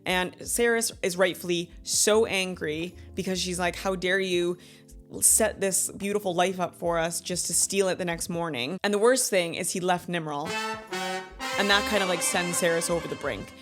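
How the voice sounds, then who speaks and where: A chatty woman in her thirties gushes and rants through a book review, laughing often and slipping into quotes as she retells the plot. Her voice sits a little low for a woman. Soft music plays quietly underneath. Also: steady tone, moderate pace. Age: 30s. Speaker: book club host. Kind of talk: casual book review chat.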